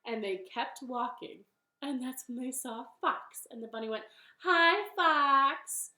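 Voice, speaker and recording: A female children's librarian reading a storytime from her living room, with a gentle, encouraging manner. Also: a little high, steady tone, normal speed, reverberant.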